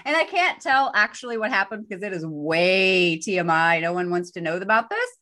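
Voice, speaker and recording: A woman co-hosting a podcast, telling a personal story in casual chat with a lively, self-deprecating manner. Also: mid-range voice, brisk. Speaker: podcast co-host.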